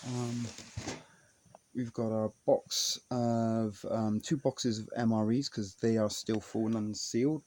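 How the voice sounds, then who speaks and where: A man's voice: medium pitch, a little mellow, no room sound. A man vlogger talking casually and rambling off the cuff at home, with some mild swearing. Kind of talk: casual vlog narration. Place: small indoor home space.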